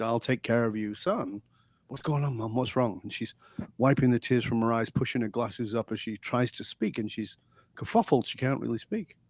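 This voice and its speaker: Recorded dry, a medium-pitched middle-aged Englishman tells his life story as a podcast guest. It's a storytelling interview, and he's a lively narrator who acts out the lines he recalls.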